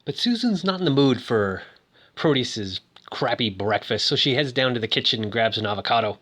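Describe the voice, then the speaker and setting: A man's voice: medium pitch, lively intonation, normal speed, fairly bright tone. A man giving a rambling, jokey, casual recap of a film as its host.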